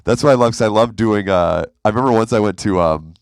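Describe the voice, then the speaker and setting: A man's voice: on the low side, fast, clean tone, no echo, clean studio sound. A man of thirty-nine, a comedian guest on a podcast, chatting casually about wrestling and doing wrestler impressions. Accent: Upper Midwest American. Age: 30s. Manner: relaxed, lively talk with wrestler impressions. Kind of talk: casual chat.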